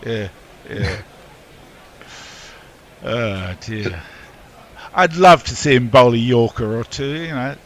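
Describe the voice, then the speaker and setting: A man's voice: mid-range voice, animated, takes it slowly, long pauses. A man co-commentating on a cricket match, reading out listener messages in a casual way. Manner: reads out listener tweets.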